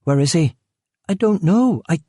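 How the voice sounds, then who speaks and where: A terrified pregnant young woman, voiced by a male narrator in an audiobook. She speaks in halting, panicked phrases, pitched well above his usual voice. The recording is close and dry. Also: animated, warm tone, husky, no echo. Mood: frightened.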